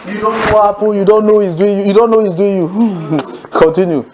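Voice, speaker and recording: A man preaching a sermon in a lively, animated way, calling out questions for the congregation to answer. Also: sits high, brisk, reverberant, noisy background. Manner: animated, calls for congregation responses.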